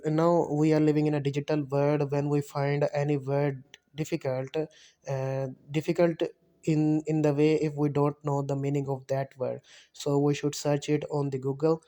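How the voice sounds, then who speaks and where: A man teaching a spoken English lecture over slides, halting and often correcting himself as he explains. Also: on the high side, level tone, dark tone. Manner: halting, self-correcting, repeats words while explaining.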